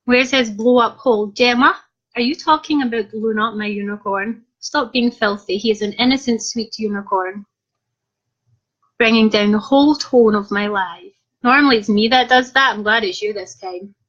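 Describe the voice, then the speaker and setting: A Scottish woman, an author, chats casually on a live stream, reading out comments and tossing in jokey asides. Her voice is on the high side and fairly bright, at normal speed. The live stream audio is slightly muffled and lo-fi.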